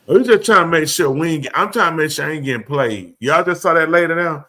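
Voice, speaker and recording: A man's voice: a little high, lively intonation, quick pace, sharp tone. A man hosting a live comedy show, riffing loosely and acting out both sides of a conversation in slang for the audience. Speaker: comedic talk show host.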